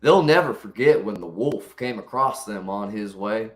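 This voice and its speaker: A man putting on an old cowboy voice to recite a dark poem, with a slow, dramatic drawl. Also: fairly low pitch, lively intonation, soft background music, natural voice. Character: old cowboy storyteller at a campfire.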